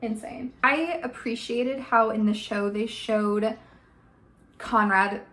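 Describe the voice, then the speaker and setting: Woman vlogger, fairly high voice, emphatic casual rant, filler-heavy. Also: steady tone, slow, a bit bright. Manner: emphatic, rants with many "like" and "okay?". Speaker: vlogger reviewing a TV adaptation. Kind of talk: casual opinionated commentary.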